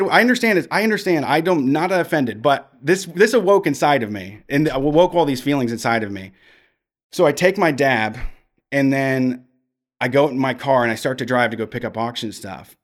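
Profane rambling man telling stories. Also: mid-range voice. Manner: frank and profane, rambling with restarts. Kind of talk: casual storytelling.

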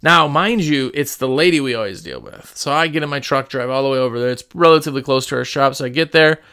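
A man who runs a small business, telling stories in a casual, rambling, animated way with lots of fillers and restarts. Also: mid-range voice, fast talker, clear, resonant tone. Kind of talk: casual storytelling.

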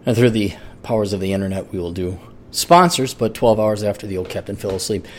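A man's voice: on the low side, a little fast. A man hosting a solo podcast, rambling, profane and sarcastic while he reads sponsor plugs and vents. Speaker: podcast host.

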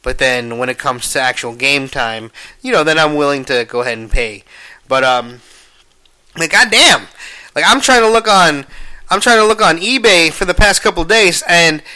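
A young man rambles through a casual podcast monologue in a fairly high, bright voice. He swears freely and keeps switching between quiet mumbling and loud, exasperated bursts. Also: moderate pace. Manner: profane, animated, swings between mumbling and exclaiming. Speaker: podcast host.

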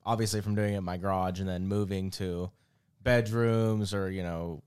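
A man's voice: low voice, steady tone, a little mellow, clear, resonant tone. A young man co-hosting a podcast, chatting in an easygoing way with lots of fillers. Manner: fast, easygoing, filler-heavy talk. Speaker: podcast co-host. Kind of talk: casual chat.

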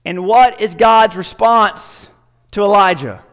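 A man's voice: high-pitched, big pitch swings, fairly quick, a bit bright. A man preaching a sermon in a conversational, storytelling way, acting out the dialogue, heard with long hall reverb.

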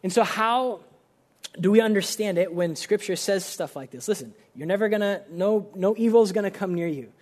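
A man's voice: high-pitched, moderate pace, darkish tone. A young man giving a casual, conversational sermon as a pastor, earnest and full of filler words.

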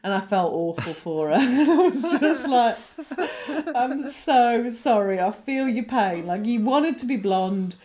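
A woman co-hosting a podcast in casual chat, animated, swearing and laughing often. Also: on the high side, a little slow, crowd noise. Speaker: podcast co-host.

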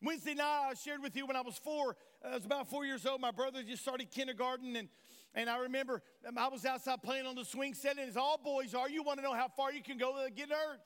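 A male pastor from delivers an impassioned sermon in a strikingly high voice. He keeps pulling the congregation in with questions. The sound rings out with a long church-hall reverb. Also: steady tone, quick pace, fairly bright tone, smooth. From Tennessee, USA. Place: church sanctuary.

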